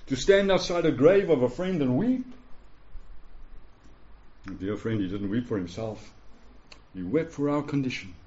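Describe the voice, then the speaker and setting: A man's voice: medium pitch, animated, a little slow, pauses often, mellow. Earnest preacher man, dull lo-fi sound. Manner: earnest, pleading, often asks "yeah?" of listeners. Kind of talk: sermon. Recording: dull lo-fi recording.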